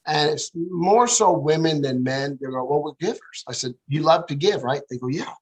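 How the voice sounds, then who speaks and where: A middle-aged man, a guest, telling a personal story with lively acted-out dialogue. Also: fairly high pitch, moderate pace, low-quality recording. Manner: animated, acts out quoted dialogue. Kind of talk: storytelling interview.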